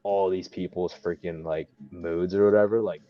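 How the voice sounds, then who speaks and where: Animated young man telling wrestling stories. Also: moderate pace, dry recording. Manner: animated, laughing often, acts out other people's lines in a high voice. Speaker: professional wrestler guest. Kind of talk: casual storytelling. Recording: dull lo-fi podcast audio.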